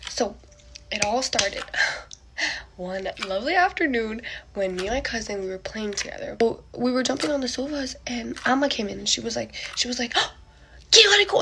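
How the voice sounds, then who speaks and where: A young woman with a slightly high voice chats through a get-ready-with-me storytime, full of fillers. She acts out what everyone said in breathy, half-whispered asides. There is noise in the background.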